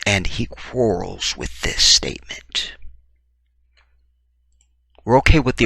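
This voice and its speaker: A man giving opinionated true-crime commentary, talking in an emphatic, animated way with blunt, profane remarks. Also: on the low side, slow pace, creaky, pauses often, no echo. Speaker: commentary vlogger.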